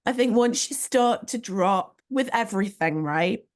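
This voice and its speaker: A woman's voice: fairly high pitch, expressive, a little slow. A British woman hosting a podcast, talking candidly and with a self-deprecating, chatty manner. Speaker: podcast host. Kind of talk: conversational podcast chat.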